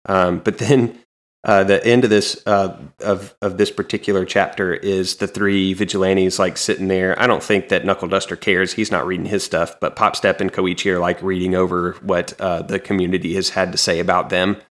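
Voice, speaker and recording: A man co-hosting a podcast, casually recapping a comic in a relaxed, meandering way with frequent ums. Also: low-pitched, normal speed. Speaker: podcast co-host.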